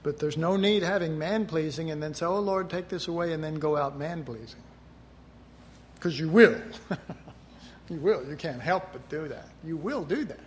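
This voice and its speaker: Middle-aged male preacher, slightly high voice, chatty sermon delivery, faint room hum. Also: lively intonation, normal speed, long pauses. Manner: conversational preaching, acting out quoted voices.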